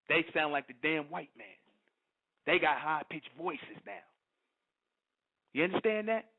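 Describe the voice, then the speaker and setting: A man's voice: on the high side, expressive, measured pace, long pauses. A middle-aged man, hosting an internet radio show and preaching in a fiery monologue that keeps asking "you understand?". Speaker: radio host. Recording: tinny phone-line audio.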